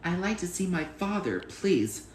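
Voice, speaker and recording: Man doing a young woman heroine, gentle, soft, cartoon, roomy sound. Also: high voice, sing-song, unhurried, slight background noise, pitched below the performer's own voice. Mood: wistful.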